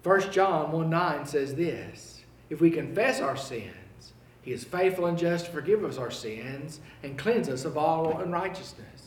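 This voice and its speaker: A male preacher delivering a sermon, swinging between loud, emphatic proclaiming and hushed, pleading appeals. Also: fairly high pitch, expressive, a little slow, reverberant, far from the mic.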